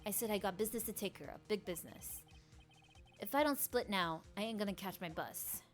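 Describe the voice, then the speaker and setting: A woman's voice: mid-range voice, a little fast, natural voice. A woman acting out a swaggering male loan shark with a thick mock Brooklyn accent. He barks street slang and threatens everyone in the room. Light music plays underneath the game voice. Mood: menacing. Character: brash loudmouth male loan-shark thug.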